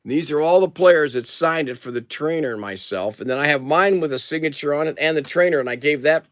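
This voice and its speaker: A man's voice: on the high side, a little fast. An older man co-hosting a livestream, telling a rambling story in casual chat. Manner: chatty, rambling, animated. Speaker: livestream co-host.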